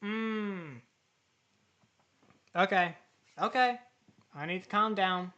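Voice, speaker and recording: Watching a clip for her reaction video, this host answers it with indignation in a casual, chatty way. She speaks slowly in a medium-pitched, sharp-toned voice, with the highs cut off.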